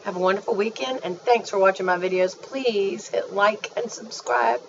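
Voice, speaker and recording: A woman's voice: mid-range voice, normal speed, vocal fry, recorded from a distance, background noise. A woman chatting in a playful, gushing manner as she reviews things for her viewers. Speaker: vlogger. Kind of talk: casual chat. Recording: dull, faint, off-mic home recording.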